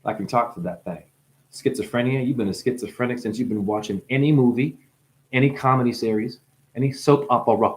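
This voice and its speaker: Excitable New Jersey man ranting to camera. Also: medium pitch, a little fast. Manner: excitable, swings from loud bursts to hushed musing, swears freely. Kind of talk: rambling spiritual monologue.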